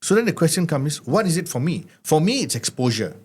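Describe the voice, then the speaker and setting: Guy chatting in a car, acts out the back and forth, lots of pitch swings. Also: brisk, husky. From Malaysia. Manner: animated, acts out quoted exchanges. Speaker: guest, awards founder. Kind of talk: casual storytelling in an interview. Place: inside a car.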